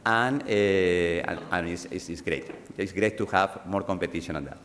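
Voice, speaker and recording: A man presenting a prize speaks haltingly, restarting his phrases. His voice is very low. He sounds distant in a reverberant hall, with faint noise and clicks. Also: a bit bright. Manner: halting, repeats himself.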